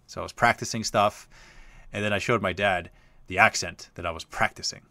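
Low, punchy male host spinning a rambling casual anecdote, recorded dry. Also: fairly even intonation, a little fast, pushed and bright, no echo. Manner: chatty, rambling, lots of uh fillers. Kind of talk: casual storytelling.

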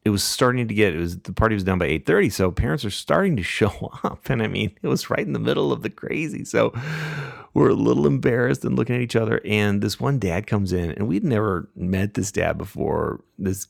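A middle-aged man hosting a podcast, telling a family story casually with frequent laughs and lively voices for the people he quotes. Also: on the low side, a little fast, gravelly, dry recording, clean studio sound. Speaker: podcast host.

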